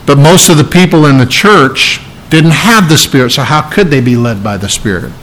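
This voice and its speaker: A man's voice: on the high side, animated, moderate pace, gravelly, a bit bright, a little hiss or hum, rough recording. A man preaching an expository sermon, explaining scripture verse by verse in an emphatic way. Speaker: pastor.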